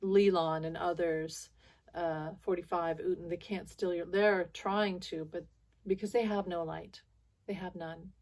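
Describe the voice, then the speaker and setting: Woman vlogging to her viewers, kinda low voice, rambly and frustrated, keeps restarting. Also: steady tone, unhurried, a little mellow. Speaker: spiritual video channel host. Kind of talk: casual monologue to viewers.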